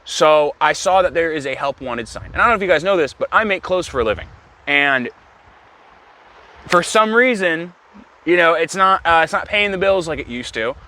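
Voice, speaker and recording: A young man spins a rambling comic story in a deadpan tone. His voice sits a bit high and sounds sharp and bright. He keeps breaking off for self-aware asides. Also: moderate pace. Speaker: comedian.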